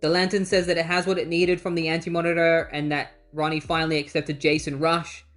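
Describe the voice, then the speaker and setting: A man's voice: a little high, level tone, fairly quick, fairly bright tone, faint music behind. A man casually recapping a comic book story in a chatty, sarcastic way and acting out the characters.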